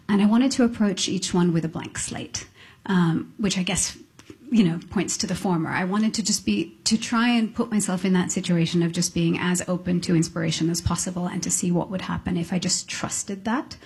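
A woman's voice: fairly low pitch, husky. A middle-aged woman musician, talking thoughtfully on stage in an interview, with frequent restarts. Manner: thoughtful, halting restarts, soft laughs. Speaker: musician guest. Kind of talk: reflective interview talk. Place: on stage before an audience.

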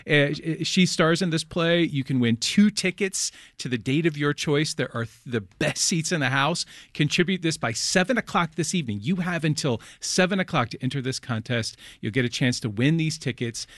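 A man's voice: on the high side, expressive, normal speed, few pauses, a bit bright, dry recording, clean studio sound. A man hosting a public radio pledge drive, chatting loosely with fillers and urging listeners to give. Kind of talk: fundraising pitch.

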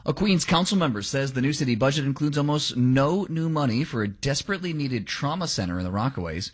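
A man reading the local news and weather on the radio in a brisk, clipped delivery. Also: mid-range voice, expressive, husky. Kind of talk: news read on air.

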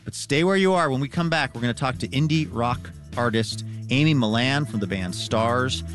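Man, radio host, mid-pitched, upbeat, music underneath. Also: moderate pace. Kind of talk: radio hosting. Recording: radio broadcast with music bed.

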